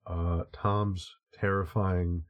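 Low-voiced male co-host, wry and self-deprecating, casual banter. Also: flat delivery, drawn-out words, narrow, tinny audio. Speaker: podcast co-host. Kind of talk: casual chat.

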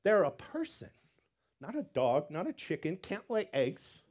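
A man preaching a sermon as pastor, animated, repeating words and acting out quotes. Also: high-pitched, unhurried.

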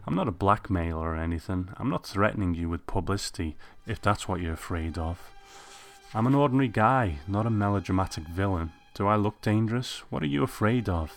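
An insistent, pleading everyman customer, as a male narrator puts him on. The voice sits low and deep but pushes up with eager force, over faint music behind. It is read as a storybook audiobook scene. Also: lively intonation, fairly quick, gravelly. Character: pushy ordinary young man, eager customer.

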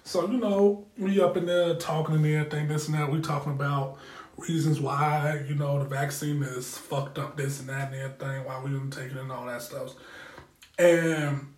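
A candid, foul-mouthed man recounts a personal story in a loose, rambling way, repeating words as he goes. His voice sits somewhat high for a man. The room gives it a noticeable echo. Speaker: podcast host. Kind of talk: casual storytelling. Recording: roomy echo.

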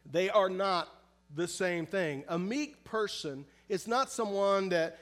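A man preaching a sermon in earnest, pressing hard on some phrases and drawing others out softly and slowly, often asking his listeners direct questions. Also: high-pitched. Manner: earnest preaching, shifts between loud emphasis and soft, slow, drawn-out phrases. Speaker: pastor.

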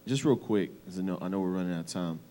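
A man interviewing a pastor, brisk and polite as he asks a final question. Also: sits low, mellow, slight background noise.

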